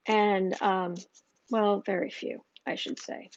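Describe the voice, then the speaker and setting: A woman hosting a tarot livestream in casual chat, thinking aloud slowly with many fillers and restarts. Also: medium pitch, flat delivery, darkish tone, dry recording, highs cut off.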